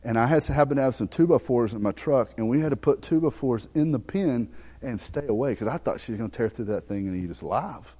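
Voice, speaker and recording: A middle-aged man with a Southern US accent preaching a sermon, telling a folksy personal story and swinging from loud preaching to soft, hushed asides. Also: mid-range voice, expressive, fast, long reverb tail. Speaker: pastor. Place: church sanctuary.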